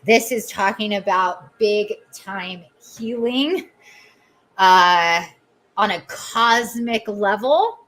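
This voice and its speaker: A woman hosts a spiritual podcast, giving an oracle reading and guided meditation. She talks slowly and lingers over repeated, incantatory phrases. Between passages she lets her emotion show and laughs at herself, keeping an ordinary middle pitch throughout. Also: animated, a bit bright, poor audio. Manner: openly emotional, self-mocking asides. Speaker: podcast host and oracle reader.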